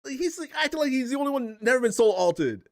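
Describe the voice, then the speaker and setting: A man's voice: extremely high pitch, very animated, fast, creaky. A man hosting a livestream, ranting casually and profanely, with rambling restarts. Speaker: streamer and podcast host.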